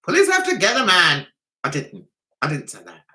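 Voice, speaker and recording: A woman's voice: fairly low pitch, huge pitch swings, moderate pace, bright, forceful tone. A middle-aged woman hosting a casual livestream, chatty and self-mocking, laughing often as she greets viewers. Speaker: livestream host reading viewer chat.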